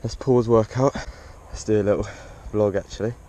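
Young male travel vlogger, breathless and excitable, swears freely, phone mic with clear wind and outdoor noise. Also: fairly low pitch, moderate pace. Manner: excitable, swears often, talks to camera. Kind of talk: casual vlog while running outdoors. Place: outdoors on rocky coast and beach. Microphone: phone held while moving.

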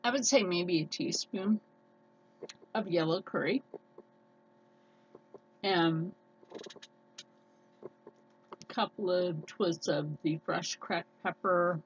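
Casual cooking vlogger: a woman with a low-ish, scratchy, nasal voice, unhurried and rambling, on a dull lo-fi home recording. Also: breathy edge. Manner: rambling, chatty, many fillers and restarts. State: scratchy, slightly hoarse voice.

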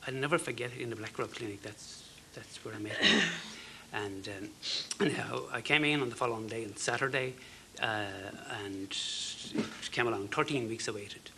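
An Irish man in his fifties, a talk show guest, telling a personal story in an earnest, halting way. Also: medium pitch, slight background noise. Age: 50s. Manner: earnest, halting, with fillers and soft dropped phrases.

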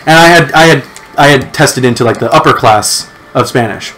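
A man's voice: mid-range voice, moderate pace, a bit bright, a little hiss or hum. A young man co-hosting a podcast, telling a rambling story in casual chat, swearing freely and restarting his sentences. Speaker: podcast co-host.

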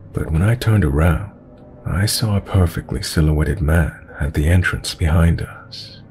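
Deep gravelly male horror narrator. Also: a little hiss or hum. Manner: calm, measured storytelling. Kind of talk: scripted horror story narration.

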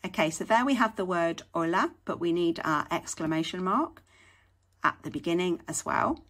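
A woman's voice: fairly low pitch, normal speed, a bit bright. A woman, teaching patiently and step by step in a screen-share tutorial. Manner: patient, step-by-step, frequent "okay".

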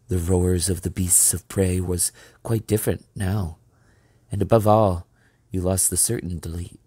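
A man reading a children's novel aloud as storyteller, steady and measured. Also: low voice, no echo.

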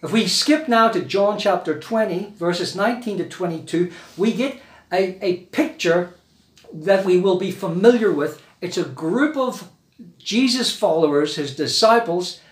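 A man's voice: high voice, expressive, a little slow. A South African man preaching a sermon earnestly, acting out the voices in the Bible story he tells. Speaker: pastor. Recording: echoey church room.

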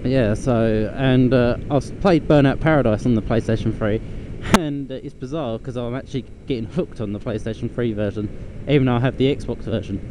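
A man's voice: mid-range voice, brisk, hardly any pauses. A man rambling bluntly and swearing casually as he vlogs while riding a scooter outdoors. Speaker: vlogger. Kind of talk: casual rambling vlog chat. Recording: loud traffic and engine noise.

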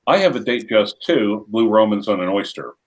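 A man's voice: fairly low pitch, animated, normal speed. Dry, teasing male co-host. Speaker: co-host on a livestream. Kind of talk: casual livestream chat.

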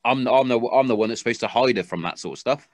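A man's voice: medium pitch, fast talker, no echo. A man in his thirties hosting a casual podcast chat, talking frankly with loose swearing and many restarts. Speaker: podcast host. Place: garden shed.

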